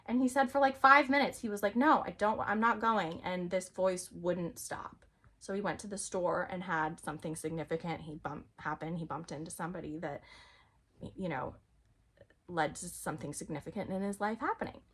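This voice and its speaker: A woman vlogging in a casual, rambling monologue about spirituality. She is chatty and animated, and sometimes drops to a near-whisper. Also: lowish voice, normal speed, breathy edge.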